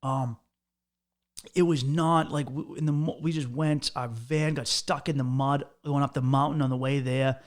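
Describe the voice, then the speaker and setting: Young american dude rambling about a trip, swears a lot, keeps restarting sentences, medium voice. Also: male voice, medium pitch, normal speed. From United States. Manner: profane, rambling, animated with frequent restarts. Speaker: podcast host. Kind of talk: casual storytelling monologue.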